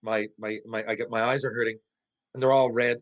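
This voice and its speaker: Middle-aged man, mid-pitched, spinning a loose, profane locker-room story with lots of false starts. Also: fairly quick, poor audio. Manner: lively, profane, stumbling restarts, jumps into high voices for quotes. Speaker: podcast guest, former pro hockey player. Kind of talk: casual storytelling anecdote.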